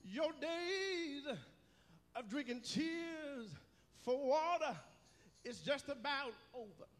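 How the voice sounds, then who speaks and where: Very high, bright-voiced preaching man. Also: animated, slow. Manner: rhythmic preaching with repetition, rising to shouts. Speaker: pastor. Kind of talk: sermon. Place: church sanctuary. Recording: long church hall reverb.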